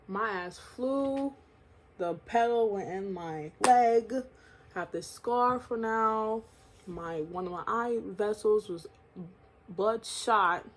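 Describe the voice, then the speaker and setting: A woman from New York tells a personal story in a casual storytime vlog. She speaks slowly and candidly in slang, swears freely, and laughs between lines. A faint hiss of noise sits under her voice. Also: medium pitch. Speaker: vlogger.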